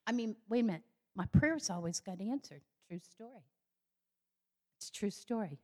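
An older woman telling her personal faith story, animated and acting out the voices she quotes. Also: normal speed. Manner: animated, acts out quoted voices with sudden high jumps. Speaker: speaker giving a personal faith testimony.

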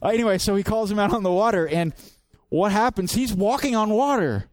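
A man's voice: high-pitched, expressive, a little fast, a little mellow, no room sound. A man preaching a sermon as pastor, earnest and direct, driving points home with rhetorical questions.

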